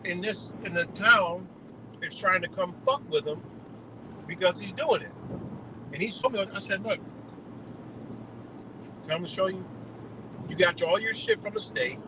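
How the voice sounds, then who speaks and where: A man's voice: sits high, measured pace, pauses often, noisy background. A man on a live stream delivering a heated, profane rant full of rhetorical questions. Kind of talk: ranting monologue.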